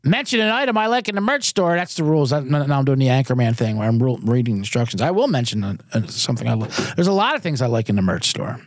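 A man's voice: mid-range voice, big pitch swings, fast talker, hardly any pauses, no room sound, studio quality. A man hosting a sports betting podcast in a casual, jokey, rambling way, often interrupting himself. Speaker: podcast host.

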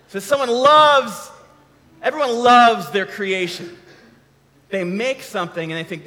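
A man's voice: very high-pitched, measured pace, pushed and bright. A man giving a casual, conversational sermon, often restarting his sentences. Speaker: preacher. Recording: long hall reverb.

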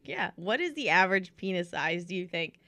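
A woman's voice: fairly low pitch, expressive, a little fast, pushed and bright, dry recording, studio quality. A young woman co-hosting a podcast in casual chat, teasing and giggly, reading out fun facts. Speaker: podcast co-host.

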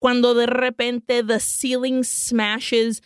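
A woman with a fairly high voice retells a film's plot, acting out each character as she goes. She switches between English and in the middle of a story. The sound is dry and close. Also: flat delivery, takes it slowly, smooth, dry recording. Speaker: podcast co-host recapping a film. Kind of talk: casual comedic film recap.

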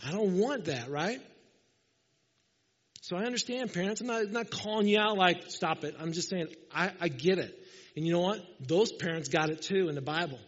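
A man's voice: high-pitched, normal speed. A man preaching a sermon as pastor, conversational and storytelling, acting out quoted people. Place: church. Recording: dull sound, long hall reverb.

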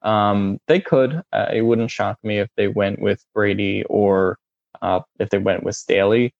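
A man talks through a casual sports discussion in stop-start phrases, padding them with fillers and restarts. His voice sits a little low. The sound is dull and muffled, with a dry, close feel and no room around it. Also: steady tone, creaky, darkish tone, no echo. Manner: halting, many fillers and restarts.

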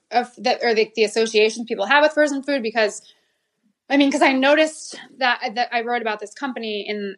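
A chatty woman from the United States talks casually as a podcast guest, her voice sitting fairly high. She laughs easily and often trips over restarts while explaining things. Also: fairly bright tone. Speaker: podcast guest, food critic. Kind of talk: casual chat.

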